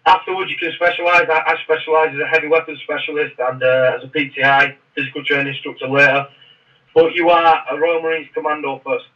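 A man's voice: on the high side, fairly even intonation, quick pace. A man, a former Royal Marine, telling stories in a casual podcast interview with a rambling, restarting manner, heard through muffled, distant audio.

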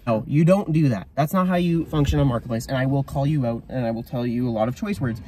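A man's voice: medium pitch, quick pace, mellow, slight background noise. A young man telling a reseller story in casual storytime style, blunt and fired up, quoting himself. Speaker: reseller vlogger.

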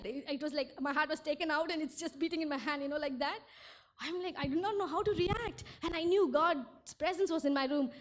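A young woman giving an earnest sermon testimony at church, often repeating words as she searches for them. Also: high voice. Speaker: church speaker.

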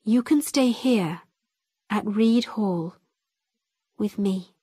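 Rich: A calm, kindly gentleman who questions patiently and gently, read by a woman. The voice is husky and fairly high, spoken very slowly. The sound is close and dry. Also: no echo.

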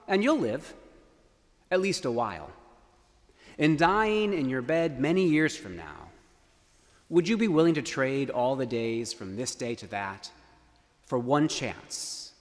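A man's voice: medium pitch, big pitch swings, slow pace, pauses often. A defiant rebel leader , as a preacher acts him out, stirs his army with a declaiming cry. The voice leaps up and down, and a long church reverb trails behind it. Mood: rousing. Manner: declaiming, rising to a yell. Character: defiant Scottish rebel leader rallying troops.

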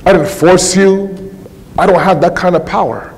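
Man doing a high-voiced devil making excuses, casual and defensive, long hall reverb. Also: normal speed. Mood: protesting. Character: Shaitan, an excuse-making male tempter.

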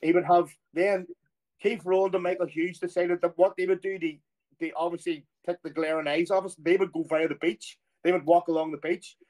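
High-voiced Irish man telling stories. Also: a little fast. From Ireland. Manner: animated storyteller who acts out quoted voices. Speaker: former footballer guest. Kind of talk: casual anecdotal storytelling.

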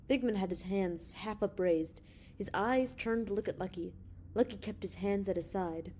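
A woman narrating an audiobook in a steady reading voice. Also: medium pitch, normal speed, breathy edge.

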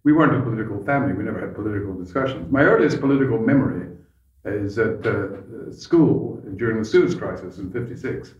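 An older man speaks with a soft, educated Edinburgh accent, recalling his past in a measured, anecdotal way. His voice sits on the low side. It is recorded from a distance in an echoey room, and the sound is slightly dull. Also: lively intonation. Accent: Edinburgh middle-class Scottish. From Edinburgh, Scotland. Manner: measured, anecdotal, with frequent "uh" pauses. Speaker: guest, former politician. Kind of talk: relaxed podcast interview.

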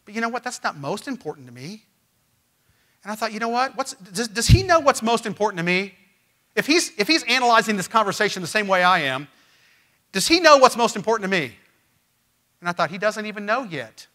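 High-voiced emphatic pastor preaching. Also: male voice, sing-song, a little fast. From Missouri. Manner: emphatic, swings from loud to quiet. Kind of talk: sermon. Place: church.

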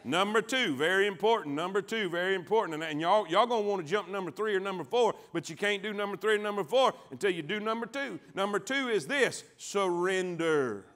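A man preaching a sermon as pastor, calling on the congregation to answer back and swinging from quiet, low lines to loud ones. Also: expressive, a little fast, hardly any pauses. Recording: church sanctuary.

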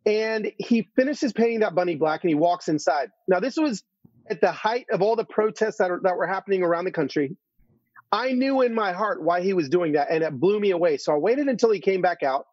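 Man, high-pitched, earnest storyteller, dull dry studio sound. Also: a little fast, dry recording. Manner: earnest, animated storyteller with repeated restarts. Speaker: guest. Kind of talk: storytelling interview.

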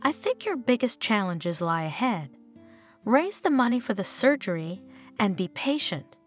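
A woman voicing a calm, frank male hospital doctor in an audio story, speaking matter-of-factly. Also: mid-range voice, measured pace, soft background music. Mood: grave. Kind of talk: storybook narration.

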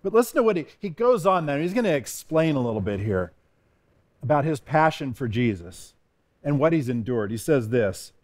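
A man's voice: mid-range voice, lively intonation, moderate pace, darkish tone. A man as a pastor giving an earnest devotional sermon, reading scripture with rising emphasis.

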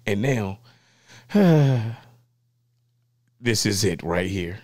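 A man hosting his own vlog, talking casually and playfully with lots of slang while excitedly unboxing new gear. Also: on the low side, drawn-out words.

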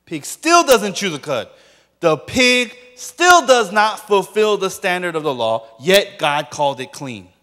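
Emphatic pastor in an echoing hall. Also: male voice, high voice, very animated, measured pace, bright, forceful tone. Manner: emphatic questioning, repeats points for the audience. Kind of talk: sermon.

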